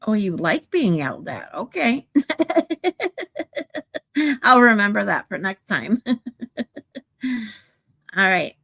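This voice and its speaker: A woman hosting a casual livestream, chatting and swearing freely, her voice getting louder when she is irritated. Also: medium pitch, very animated, measured pace, vocal fry, pauses often, highs cut off. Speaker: livestream host.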